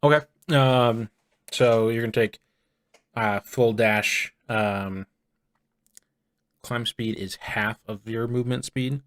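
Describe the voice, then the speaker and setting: A man running a tabletop game as game master, narrating the scene in a relaxed way with frequent ums and uhs. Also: medium pitch, takes it slowly, pauses often, clear, resonant tone, no echo.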